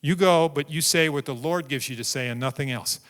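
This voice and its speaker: A man's voice: fairly high pitch, brisk, a bit bright, natural voice. A man doing a stern commanding angel. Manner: firm, declarative. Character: stern sword-bearing angel, male, commanding. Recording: long reverb in a large hall.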